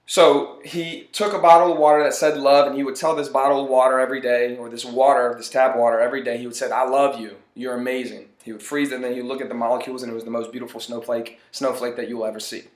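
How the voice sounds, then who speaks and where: A man's voice: medium pitch, flat delivery, fast, hardly any pauses. Earnest male motivational speaker, mid-range voice, echoey room. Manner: earnest, repeats phrases for emphasis. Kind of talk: motivational monologue. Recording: roomy echo.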